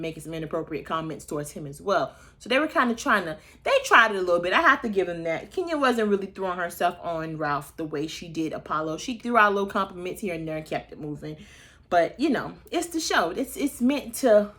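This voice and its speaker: A woman in her thirties chats through a reality-show recap in a sassy, gossipy way, throwing playful shade. Her everyday voice sits a little low. When she quotes people, she slips into exaggerated high voices. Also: a bit bright. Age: 30s. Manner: sassy, chatty and playfully shady. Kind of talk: casual gossip commentary.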